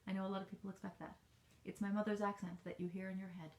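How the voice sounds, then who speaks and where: An American author, a woman, rambles through a casual livestream Q&A with her readers from her home office, full of ums and restarts. Her voice is medium-pitched and darkish, her delivery flat and fast, and the room sounds reverberant.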